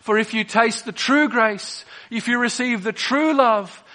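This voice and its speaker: High, bright-voiced male preacher. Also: a little slow. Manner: dramatic swings between soft and emphatic delivery. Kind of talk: sermon.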